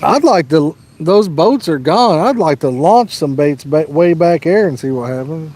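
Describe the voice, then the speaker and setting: A man's voice: on the high side, expressive, a little slow, darkish tone, a little hiss or hum. Laid-back Midwestern American man outdoors. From Midwest USA. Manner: laid-back, chatty, answers viewers' questions. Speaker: fishing livestream host. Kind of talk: casual livestream chat. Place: outdoors by a lake.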